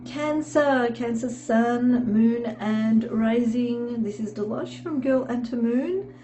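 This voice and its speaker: Speaking slowly in a mellow, fairly high voice, a tarot reader stuffed up from a cold wanders through a casual reading to camera. She's reassuring and keeps saying "okay," and the rough recording carries a little hiss or hum.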